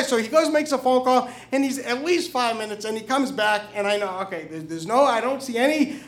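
A man's voice: very high-pitched, fast talker, few pauses, a bit bright. A man telling a personal story, stammering and repeating words, chuckling as he goes.

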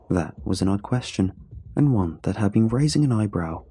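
A man narrating a first-person story in a steady, measured way. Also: fairly low pitch, slight background noise.

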